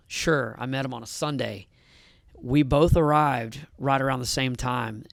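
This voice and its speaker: A man who coaches at a gym, telling a story in casual podcast chat, animated, swearing and saying "dude" a lot. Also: medium pitch, measured pace, creaky, no room sound, studio quality.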